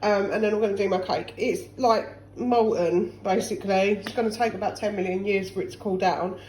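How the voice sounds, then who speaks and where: A middle-aged English vlogger talks a little fast in a steady, darkish tone, rambling chattily in her home kitchen despite being slightly winded by a chest infection. Her cats get a high sing-song voice. Poor audio with a little hiss or hum.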